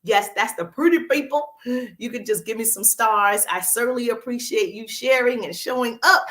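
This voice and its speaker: A woman's voice: a little high, normal speed, a bit bright. A woman with a Southern US accent hosts a casual livestream as a social media business coach, upbeat and greeting viewers by name, with a cough drop in her mouth.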